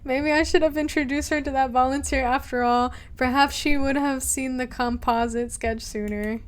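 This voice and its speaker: Jumpy woman streamer with a high voice, reading game lines aloud between nervous laughs. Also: fairly even intonation, normal speed. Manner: reads on-screen game text aloud, breaking into nervous laughter. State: anxious and jumpy. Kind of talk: horror game let's play. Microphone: headphones with mic.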